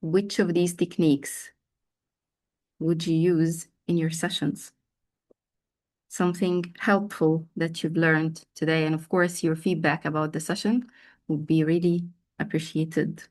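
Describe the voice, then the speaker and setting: Woman, teacher trainer, slow unhurried delivery, drills words by repeating them, video call. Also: sits low, flat delivery, a little mellow. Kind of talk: online teacher training session.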